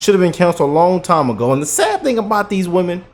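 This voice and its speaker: A man giving an animated, mocking reaction commentary for his video channel, repeating himself for emphasis. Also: high voice, fast. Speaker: YouTube commentator.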